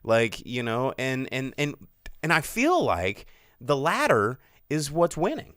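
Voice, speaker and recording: A man co-hosting a film podcast with a smooth, resonant voice. He talks in a loose, animated way, full of sarcasm. The sound is dry and close. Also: mid-range voice, measured pace, no room sound. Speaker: podcast co-host. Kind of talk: casual film chat. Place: studio.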